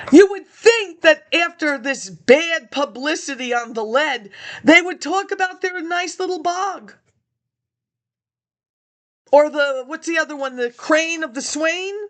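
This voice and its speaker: A high-pitched woman talks casually to her viewers in a loose, rambling monologue. She skips from one thought to the next and chuckles at her own remarks. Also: expressive, slow, pauses often, a bit bright. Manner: chatty, jumps between topics, chuckles to herself.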